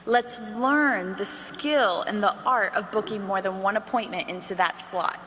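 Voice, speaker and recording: A woman giving an energetic sales training talk to a room, coaxing the audience with questions. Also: mid-range voice, unhurried. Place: large hall with an audience. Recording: archived talk in a roomy hall with faint noise.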